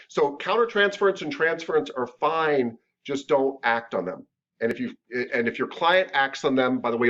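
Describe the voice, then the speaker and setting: Chatty, joking massage instructor, lo-fi. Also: male voice, mid-range voice, fairly bright tone. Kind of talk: casual classroom lecture. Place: classroom. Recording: dull lo-fi lecture recording.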